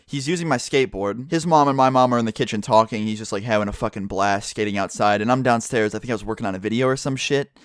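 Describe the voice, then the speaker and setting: Young dude ranting a storytime vlog, talks fast, cusses constantly, dry close mic. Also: male voice, medium pitch, no echo. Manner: profane, rambling, lots of "like". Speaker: YouTube commentator. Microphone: studio microphone.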